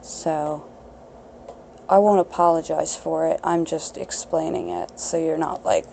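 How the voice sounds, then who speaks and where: A blunt woman in her thirties rambles through an unscripted solo podcast, swearing freely. Her voice is low and dark, with a gravelly fry. A faint hiss of room noise sits under it. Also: fairly even intonation, unhurried, low-quality recording. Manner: crass, blunt, self-mocking, swears freely. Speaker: podcast host.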